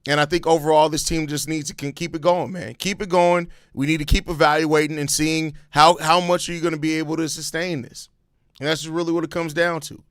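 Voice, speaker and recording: Man, sports reaction host, high voice, blunt and profane, dry close mic. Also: level tone, fairly quick, smooth, dry recording. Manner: blunt and profane, swings into loud rants. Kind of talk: live postgame reaction.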